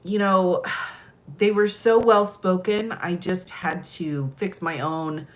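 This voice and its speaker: A middle-aged American woman telling stories in a casual chat, laughing often and animated. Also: fairly low pitch, slow pace. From United States. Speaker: host.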